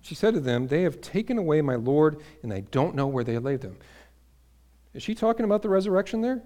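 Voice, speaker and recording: A man preaching a sermon to a congregation, building to emphatic peaks and dropping to quiet asides, asking the listeners questions. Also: fairly high pitch, fairly quick. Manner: energetic, rises to emphatic peaks then drops to quiet asides. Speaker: pastor.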